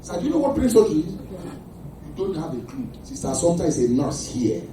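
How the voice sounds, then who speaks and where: A man's voice: fairly high pitch, very animated, fairly quick, dark tone, slight background noise. A man preaching a sermon as pastor, emphatic and quizzing the congregation with questions. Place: church hall. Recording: echoey hall from far off.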